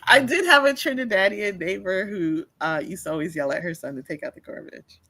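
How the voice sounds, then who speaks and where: A man's voice: sits high, fairly quick, pushed and bright, no echo, rough recording. A man co-hosting a podcast, chatting playfully and laughing often. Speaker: podcast co-host. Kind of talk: casual chat.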